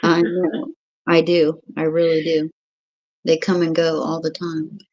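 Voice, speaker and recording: A woman's voice: low voice, completely flat delivery, measured pace, darkish tone, dull audio. A woman chatting with a friend on a video call, easygoing and shrugging things off. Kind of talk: casual video chat.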